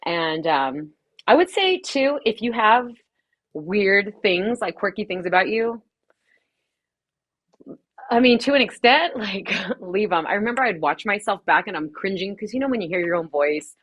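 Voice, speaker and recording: A woman from Los Angeles talks quickly and casually as a guest on a podcast. She laughs often and swears freely as she chats about her work as a DJ and streamer. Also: mid-range voice, lively intonation, fairly bright tone.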